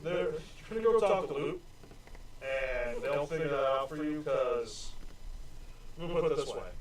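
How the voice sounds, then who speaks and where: Brief: lively higher-voiced man running a tabletop game, distant roomy mic, faint noise. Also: unhurried. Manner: animated, laughing, acts out characters. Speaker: game master.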